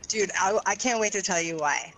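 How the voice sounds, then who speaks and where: A woman's voice: medium pitch, a little fast, over music, rough recording. A woman streaming a game, chatting casually with her teammates. She swears freely and laughs often. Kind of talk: casual gaming chat.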